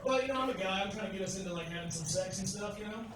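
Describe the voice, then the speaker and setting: A man's voice: high voice, very fast, heavy reverb, recorded from a distance, noisy background. A man from Tennessee doing a crude, brash stand-up comedy set on a club stage, talking to the crowd between punchlines.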